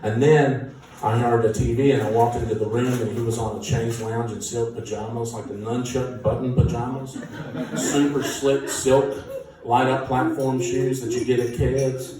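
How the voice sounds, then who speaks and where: A band musician telling an animated, self-mocking story with frequent laughter. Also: male voice, medium pitch, normal speed. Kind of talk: casual anecdote storytelling. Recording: echoey room, distant mic, noisy.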